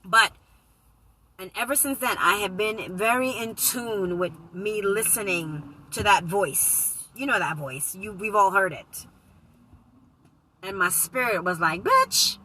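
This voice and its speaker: A woman casually telling a personal story to her viewers, animated and profane, speaking into a phone. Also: medium pitch, unhurried, breathy edge, poor audio. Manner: animated, profane, slips into loud quoted voices. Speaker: vlogger reading live comments.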